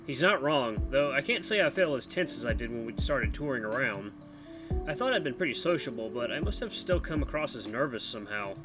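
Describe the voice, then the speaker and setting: A man hosting a let's play, chatty and animated, reading game text and the main character's lines. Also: medium pitch, a little fast. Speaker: gaming channel host. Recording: background music under voice.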